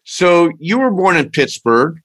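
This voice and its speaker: A man's voice: sits high, big pitch swings, unhurried, fairly bright tone. A man from Pennsylvania hosting an interview, asking questions and chatting enthusiastically. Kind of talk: casual interview chat.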